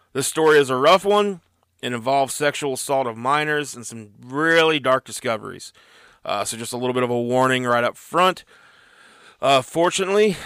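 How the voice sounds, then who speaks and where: A man's voice: mid-range voice, a bit bright, clean tone, no room sound, studio quality. A middle-aged man co-hosting a casual podcast, laid-back and joking, with plenty of "uh" and "like". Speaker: podcast co-host.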